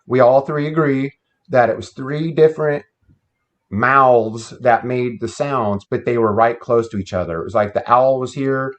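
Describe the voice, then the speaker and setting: A man's voice: mid-range voice, moderate pace. A man telling a story about his past in a casual, plain-spoken, folksy way. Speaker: guest telling an encounter story. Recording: dull lo-fi sound.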